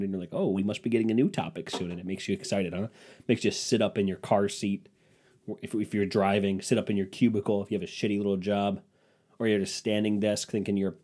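A young man with a fairly low, dark-toned voice hosts a solo podcast. He rambles through comedic stories, crude and self-mocking.

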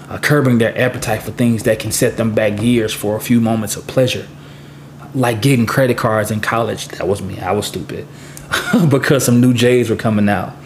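A man's voice: on the low side, darkish tone, a little hiss or hum. A middle-aged man hosting a solo podcast, talking in an earnest, reflective way and often repeating words as he thinks. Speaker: podcast host.

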